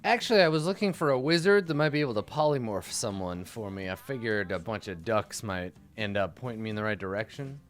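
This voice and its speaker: A man's voice: lowish voice, brisk, hardly any pauses, soft background music. A young man casually commenting on a game he is playing, joking and rambling with a self-mocking streak. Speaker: let's-play host.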